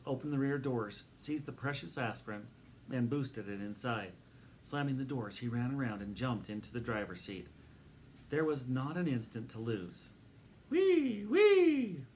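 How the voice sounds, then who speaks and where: A man narrating a children's book aloud in a steady, expressive reading voice. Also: medium pitch, a little hiss or hum.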